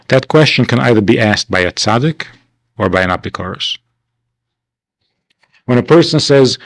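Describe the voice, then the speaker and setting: A man, a rabbi, teaching a class in a conversational way, asking rhetorical questions and acting out questioners in sudden high voices, on an archival 1990s class recording. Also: brisk, low-quality recording. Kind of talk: animated classroom lecture.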